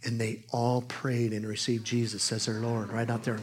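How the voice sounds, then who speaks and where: A man preaching a sermon, telling a story with animated swings between loud exclamations and hushed asides. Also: mid-range voice, moderate pace, very noisy.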